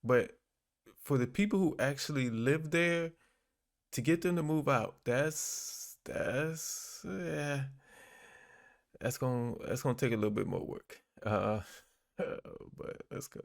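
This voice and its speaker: Slow relaxed man commenting on clips. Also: mid-range voice, creaky. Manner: relaxed, chuckling, halting. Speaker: host. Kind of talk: casual commentary.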